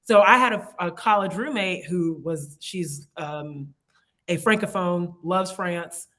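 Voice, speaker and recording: A young woman from the United States chats as an interview guest. Her voice sits low for a woman. She talks reflectively, laughs easily and leans on "like" as she works through her thoughts. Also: slow, fairly bright tone. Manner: chatty, reflective, laughs easily, many "like" fillers. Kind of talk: casual conversational interview.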